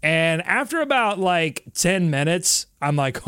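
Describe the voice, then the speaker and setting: Animated, fairly high-voiced male podcast host. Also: measured pace, hardly any pauses, clear, resonant tone, no echo, studio quality. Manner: animated, laughs often, builds stories. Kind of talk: casual sports podcast chat.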